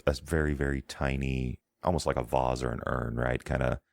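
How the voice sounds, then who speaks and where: A man with an extremely deep voice and a gravelly rasp narrates a tabletop game as game master. He talks in a meandering, descriptive way and stops to search for words. The sound is dry and close. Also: steady tone, brisk, no echo.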